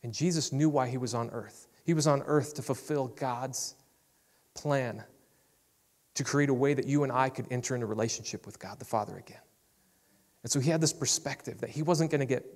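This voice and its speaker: Male pastor, mid-pitched, easygoing conversational sermon, long reverb of a big hall. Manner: casual, conversational preaching with frequent "man" and "I love".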